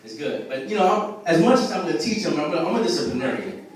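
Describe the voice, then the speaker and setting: Guy doing open mic standup, high-ish voice, talks street, heard from far off in a super echoey room. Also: fast. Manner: laid-back, streetwise, chats with the crowd. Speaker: stand-up comedian. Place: restaurant dinner show. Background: lively crowd laughing.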